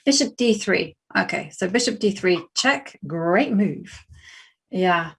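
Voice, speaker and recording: A woman's voice: fairly low pitch, lively intonation, slow pace, creaky, breathy edge. A young adult woman with a West London English accent, chatting casually and laughing often while she plays chess on a live stream and thinks aloud. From England.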